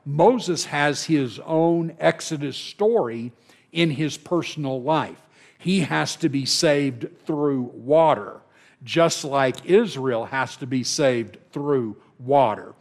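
A man's voice: fairly high pitch, slow pace, a little mellow. A man teaching a Bible lesson to a class, checking in with them and often repeating words as he restarts.

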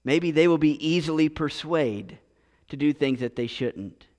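A man's voice: fairly high pitch, animated, a little slow, a little mellow. A man preaching a sermon as pastor, earnest, often repeating and restarting his words. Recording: long reverb of a large hall.

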